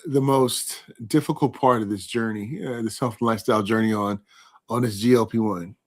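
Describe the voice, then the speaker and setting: A man's voice: lowish voice, steady tone, fairly quick, a little mellow. A man hosting a casual live interview, asking questions and chatting freely. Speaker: interview host.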